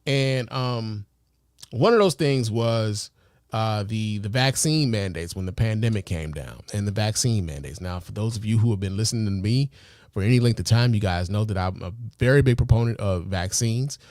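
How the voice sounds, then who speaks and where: A man hosting a podcast in a loose, casual way, swearing often, filling pauses with fillers and asking the listener rhetorical questions. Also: lowish voice, a little mellow, no room sound, studio quality. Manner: loose, profane, heavy with fillers. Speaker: podcast host.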